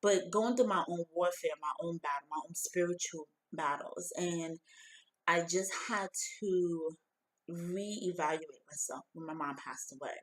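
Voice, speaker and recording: A woman's voice: on the low side, unhurried, rough recording. A middle-aged woman giving a heartfelt, emotional personal testimony, talking loosely with lots of "like" and "you know". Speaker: founder of a women's empowerment group.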